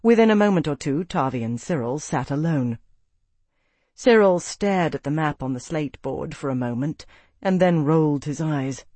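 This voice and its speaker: A man narrating a fantasy audiobook in a steady storytelling manner. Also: a little high, moderate pace, no echo. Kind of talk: scripted narration.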